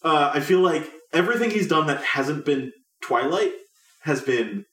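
A man in a casual, animated chat about films, laughing often. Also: fairly high pitch, moderate pace, far from the mic. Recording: roomy, a bit off-mic.

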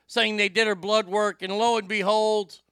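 A man hosting a talk show, telling a profane story loudly and emphatically. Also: high voice, little pitch movement, normal speed, smooth, no room sound, studio quality. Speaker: radio show host.

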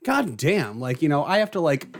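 A man's voice: fairly high pitch, very animated, moderate pace. A man in a casual chat, rambling loosely through an anecdote.

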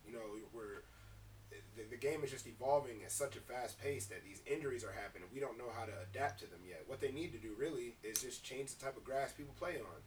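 Young male co-host, rapid and profane, middle-pitched, slightly off-mic with faint hiss. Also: far from the mic, low-quality recording. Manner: profane, emphatic storytelling. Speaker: podcast co-host. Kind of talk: casual chat.

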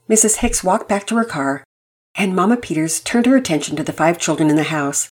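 A woman narrating a children's storybook in a calm, steady reading voice. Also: lowish voice, a little fast.

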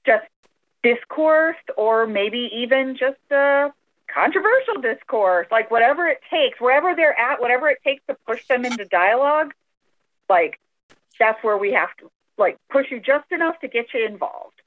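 A woman's voice: on the high side, animated, moderate pace. A woman interviewer asking questions in a tentative, hedging way, heard over a phone line.

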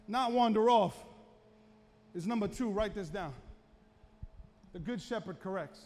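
Measured and full of long pauses, a pastor with a high-sitting voice delivers a storytelling sermon in a church sanctuary. He is dramatic and animated and eventually builds to shouting, all heard through the long reverb of an echoey hall.

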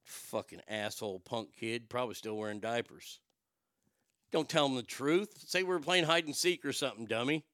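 A middle-aged man telling a long personal story in a profane, wisecracking way, with quick asides and voices for the people in it. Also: mid-range voice, a bit bright, dry recording, clean studio sound. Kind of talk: casual storytelling monologue.

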